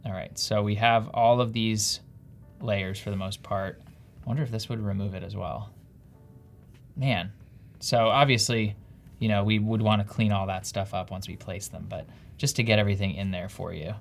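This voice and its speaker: A man's voice: on the low side, steady tone, normal speed, gravelly, faint music behind. A man with a New Jersey accent, co-hosting a casual live stream in an upbeat, chatty, self-deprecating way. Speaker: livestream co-host.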